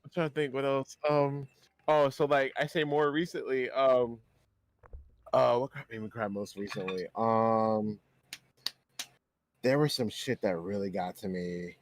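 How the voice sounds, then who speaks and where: A man's voice: medium pitch, steady tone, unhurried. A young man co-hosting a podcast, chatting casually, swearing a lot and laughing easily. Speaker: podcast co-host. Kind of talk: casual chat.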